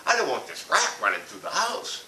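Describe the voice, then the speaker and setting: A man's voice: a little high, wildly swooping pitch, brisk, bright, forceful tone. A man telling a blunt, profane comic rant about a family vacation. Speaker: comedic ranter. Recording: echoey room from far off with hiss.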